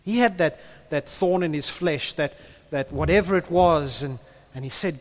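A man preaching a sermon, earnest, building to loud impassioned peaks and repeating his words as he goes. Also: fairly high pitch, normal speed. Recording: echoey hall with long reverb.

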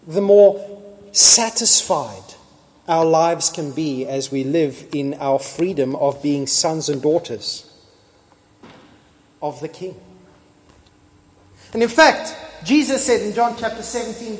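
A man preaching a sermon in a church hall, animated and emphatic, building at times to near-shouting. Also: high-pitched. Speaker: pastor. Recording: long hall reverb.

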